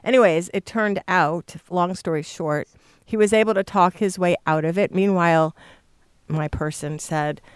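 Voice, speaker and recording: A woman's voice: fairly low pitch, normal speed, clear, resonant tone, no echo, clean studio sound. A middle-aged woman, a guest on a casual podcast, telling a long rambling story and losing her thread. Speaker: guest, mother of the host.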